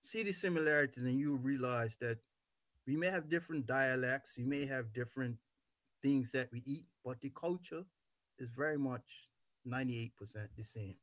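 A man hosting a radio talk show, relaxed and teasing as he wraps up the show. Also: medium pitch, moderate pace, no room sound. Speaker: host.

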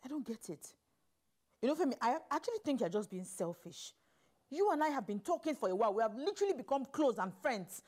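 A woman with a Nigerian Pidgin accent, acting a brash, broke tenant in a comedy skit who scolds loudly and laughs often. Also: a little high, sing-song, fast talker. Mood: annoyed.

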